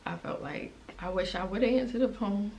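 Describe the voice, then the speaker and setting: A young woman telling a personal story to her viewers in a casual, emotional way, halting with many restarts. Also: mid-range voice, a little mellow, muffled recording, slight background noise. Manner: conversational and direct to viewers. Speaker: vlogger.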